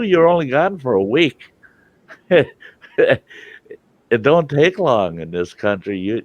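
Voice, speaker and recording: Folksy low-voiced Midwestern man. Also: dry recording, muffled recording. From northern US. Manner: chuckling, folksy, drawn-out. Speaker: host. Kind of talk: casual live chat.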